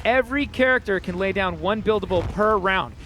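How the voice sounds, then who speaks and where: A man's voice: sits high, brisk, sharp tone, slight background noise. A man giving enthusiastic color commentary on an esports match, explaining characters and equipment. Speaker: esports co-caster, game analyst.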